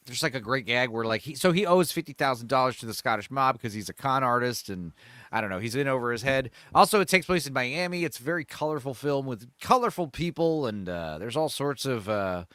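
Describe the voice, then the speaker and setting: A man hosting a casual chat show, talking about films in a rambling, animated way with lots of fillers and laughs. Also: medium pitch, no echo. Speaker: host.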